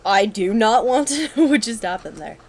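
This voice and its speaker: A young woman giving casual, excitable commentary while playing a video game, with sudden yelps and running chatter. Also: a little high, normal speed, slight background noise, rough recording. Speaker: let's play gamer.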